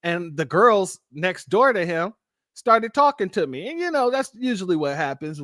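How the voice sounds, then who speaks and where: A Californian-accented man hosts a casual live stream with a high voice. He tells stories in an animated way and laughs often. The sound is dry and close. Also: normal speed, dry recording.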